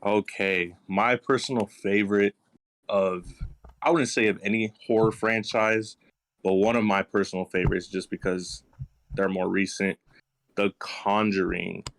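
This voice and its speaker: A man co-hosting a podcast, speaking quietly and a bit hesitantly as he introduces his favorite movie. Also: fairly low pitch, fairly even intonation, unhurried. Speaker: podcast co-host. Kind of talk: casual chat.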